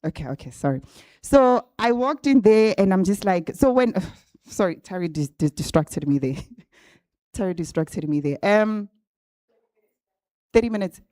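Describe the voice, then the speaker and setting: Chatty woman with a mellow voice. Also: medium pitch, animated, unhurried, pauses often, no room sound, clean studio sound. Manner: chatty, addresses the audience directly with frequent "right?". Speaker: guest speaker at a graduate bootcamp. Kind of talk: casual storytelling talk to a live audience. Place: event venue with a live audience. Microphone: handheld or stand microphone.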